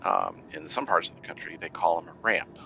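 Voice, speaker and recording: Man from Indiana, very deep and gravelly, chatty storyteller, muffled lo-fi voice chat. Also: a little fast, pushed and bright, a little hiss or hum. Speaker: guest player. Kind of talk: casual gaming chat. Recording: dull lo-fi voice chat.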